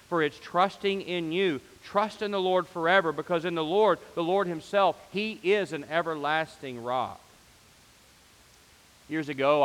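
A man's voice: a little high, a bit bright, in a large hall, low-quality recording. A man pastor preaching a sermon, rising to fervent emphasis on repeated phrases.

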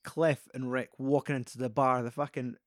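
A man's voice: medium pitch, normal speed, no room sound, clean studio sound. A young man, chatting casually and animatedly about a film, swearing freely. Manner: animated, sweary, acts out quoted lines.

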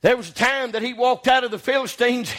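A man preaching a sermon with fervent swings from low murmurs to shouted peaks, repeating phrases and punctuating with amen. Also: steady tone, brisk.

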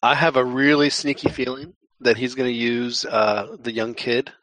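A man's voice: mid-range voice, flat delivery, normal speed, a bit bright, no echo. A man hosting a casual podcast chat, rambling with many restarts. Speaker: podcast host.

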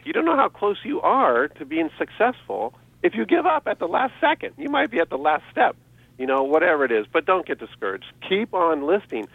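A man's voice: high-pitched, sing-song, brisk, creaky, no echo. A man giving selling tips as a guest on a radio show, upbeat and laughing often. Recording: dry, tinny phone line.

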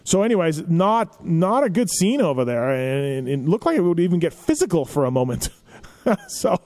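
A man hosting a podcast, telling stories in a casual, animated way with lots of filler phrases. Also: fairly high pitch, normal speed. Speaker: podcast host.

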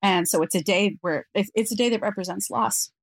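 A woman guest on an interview podcast, telling a personal story in an earnest, reflective way with frequent pauses. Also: mid-range voice, gravelly, slightly rough, dry recording.

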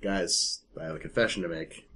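Husky sarcastic man ranting. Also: low-pitched, a little fast. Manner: sarcastic, loud bursts of mock outrage. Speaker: podcast co-host. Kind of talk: casual chat.

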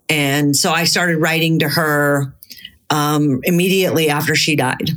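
Frank, earnest middle-aged woman, low-pitched. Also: steady tone, measured pace, fairly bright tone. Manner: earnest and frank, with occasional swearing and laughter. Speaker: interview guest, bereaved mother and grief researcher. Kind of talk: candid conversational interview.

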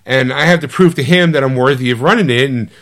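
A man co-hosting a podcast, casually retelling a movie plot in an animated, rambling way and slipping into quoted voices. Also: medium pitch, fast talker. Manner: loose, rambling with fillers and restarts. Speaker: podcast co-host.

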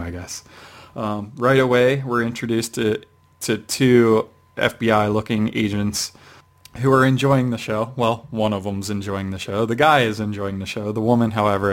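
A man co-hosts a comics podcast, recapping an issue in loose, casual talk. His voice sits a little low, and he hesitates often, circling back with fillers and restarts. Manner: rambling, hesitant with frequent fillers. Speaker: podcast co-host. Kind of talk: casual comic book review.

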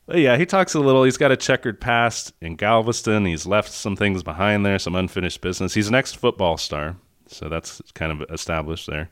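A man in casual podcast chat, mocking a movie with animated, profane retelling and frequent laughter. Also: mid-range voice, moderate pace, hardly any pauses, no echo, clean studio sound.

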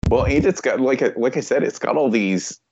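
A man's voice: mid-range voice, expressive, fairly quick, a little mellow, slightly rough. A man in a casual movie chat, giving blunt, profane opinions. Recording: dull lo-fi sound.

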